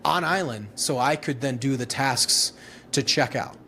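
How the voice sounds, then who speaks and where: A man's voice: medium pitch, measured pace, bright, forceful tone, slight background noise. A man in his thirties, a former Marine infantryman, telling stories in a casual interview, rambling and profane, with many restarts and laughs.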